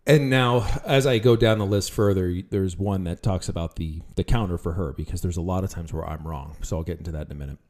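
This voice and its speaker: A man's voice: deep voice, quick pace, few pauses, darkish tone. A man co-hosting a relationship podcast, talking bluntly and frankly in casual chat. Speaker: podcast co-host.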